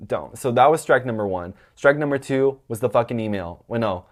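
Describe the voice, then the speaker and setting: A man's voice: mid-range voice, a little fast. Young man ranting animatedly on his podcast. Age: young adult. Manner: animated, rambling, heavy use of "like" and swearing; acts out quoted people in a raised voice. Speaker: podcast host. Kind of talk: casual storytelling monologue.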